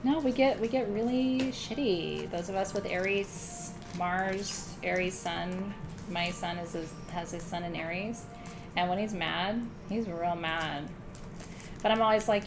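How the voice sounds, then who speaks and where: Woman host, middle-aged, live-stream chat, self-mocking jokes, mid-pitched voice, faint hiss. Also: normal speed. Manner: joking, self-mocking, swears casually, laughs often. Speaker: host of an online spiritual ceremony.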